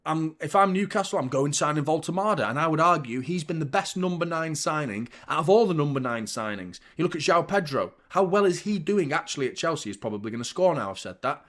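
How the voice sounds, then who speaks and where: A man hosting a live football watchalong, chatting opinions and commenting on play, swearing freely and getting loud at big moments. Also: on the high side, lively intonation, fast, hardly any pauses. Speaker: host of a football fan channel.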